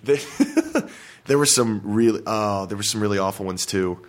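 A man chatting casually as a podcast guest, laughing often and joking quickly. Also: lowish voice. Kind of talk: casual chat.

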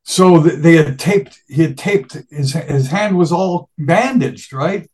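An older man, a guest musician, telling stories from the road in a casual, animated way and acting out voices. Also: fairly high pitch, slow. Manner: animated, laughing, acts out voices in quotes. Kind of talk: casual storytelling.

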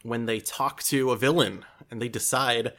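A man's voice: mid-range voice, steady tone, normal speed, a bit bright. A man talking casually as a podcast guest and game designer, self-deprecating and often restarting his sentences with a laugh. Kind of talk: casual interview chat.

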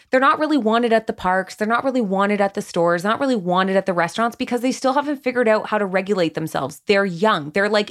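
Candid woman telling parenting stories. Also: mid-range voice. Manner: candid, animated storytelling with frequent "like". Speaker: podcast guest, parenting platform founder. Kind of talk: casual conversational interview.

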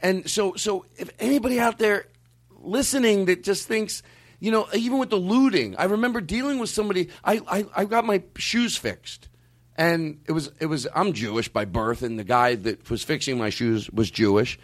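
A man hosting a podcast, talking in a casual, profane, animated way with many restarts. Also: sits high, moderate pace. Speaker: podcast host.

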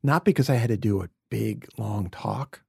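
A middle-aged man from New York City speaks in a low, gravelly, husky voice. His storytelling is earnest and confessional, and it sometimes sinks to a near-whisper. The sound is dry and close. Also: normal speed, dark tone, dry recording. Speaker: podcast guest. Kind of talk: reflective conversation.

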